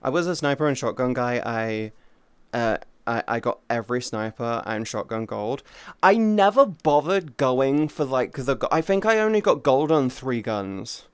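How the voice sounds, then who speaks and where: A VTuber streamer chatting casually with chat, rambling and swearing a lot, with sudden jumps to a high, excited pitch in stories. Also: normal speed, clean tone, no room sound.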